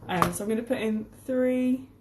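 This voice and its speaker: Her voice is fairly high and at normal speed as she teaches English casually in her home kitchen, explaining words while she bakes. The room echoes and the background is noisy.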